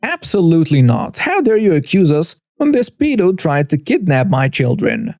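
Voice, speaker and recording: A man voicing an entitled mother who yells accusations in a shrill, screeching voice. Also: huge pitch swings, normal speed, no room sound, studio quality. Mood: indignant. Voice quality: shrill and shrieking. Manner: accusing, yelling. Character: screeching entitled mother, adult woman, hostile.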